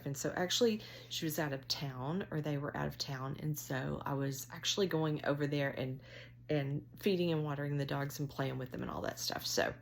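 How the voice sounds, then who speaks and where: Low gravelly woman telling a story. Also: a little hiss or hum. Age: middle-aged. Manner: chatty, self-mocking, drawn-out Southern phrasing. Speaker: vlogger. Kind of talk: casual storytelling to camera.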